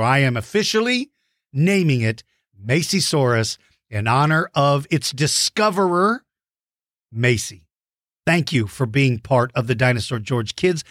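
A man hosting a dinosaur show for kids, giving playful, enthusiastic shout-outs to young fans. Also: medium pitch, no echo, clean studio sound. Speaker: host of a kids' dinosaur show.

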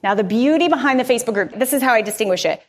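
Woman, fairly high voice, energetic, candid, chatty conference speaker. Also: racing. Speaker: podcaster giving a conference presentation. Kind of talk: live conference talk.

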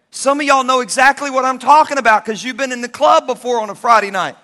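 A middle-aged male pastor delivers a sermon in a strikingly high, bright voice. He tells his story with animated energy and breaks into bursts of shouting. The sound rings out with a long reverb, as in a large hall. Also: fast, hardly any pauses.

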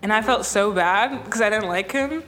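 A woman's voice: mid-range voice, normal speed. A teenage girl co-hosting a student podcast, telling sheepish stories with lots of giggling. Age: teens. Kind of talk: casual chat, storytelling. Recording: loud music under the talk.

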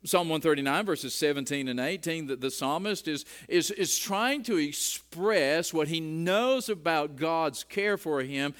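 A man's voice: on the high side, measured pace, a bit bright. A middle-aged man preaching a sermon in a conversational way, often repeating words as he starts a phrase. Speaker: pastor.

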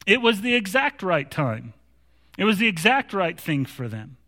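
A male pastor with a bright, forceful voice, preaching in an easy, storytelling way. His delivery grows animated as he stumbles through restarts, and the sound rings out with a long hall reverb. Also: high voice, normal speed. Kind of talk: sermon.

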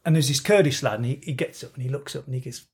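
A man's voice: medium pitch, fast talker. A man telling a long, rambling story in casual podcast banter, swearing freely.

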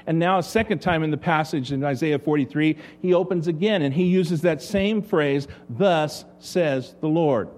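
A man's voice: on the high side, brisk, hardly any pauses, a little mellow. A man preaching a sermon as pastor, asking the congregation rhetorical questions.

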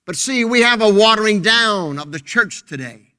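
A fervent male pastor preaches from a church pulpit in a high, bright, clean voice with lively intonation at normal speed. He alternates loud, emphatic proclamations with hushed, intense passages, hammering points through repetition.

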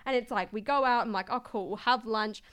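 Fast-talking Australian woman, chatty. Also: a little high, fairly bright tone, clean tone. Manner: chatty, fills every phrase with "like", acts out quoted voices. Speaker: guest, LEGO content creator. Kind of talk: casual podcast chat.

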